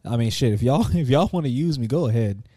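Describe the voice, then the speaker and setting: Rambling young man, lively pitch. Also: quick pace, dry recording, clean studio sound. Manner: rambling, joking, repeats himself. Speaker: podcast co-host. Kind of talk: casual chat.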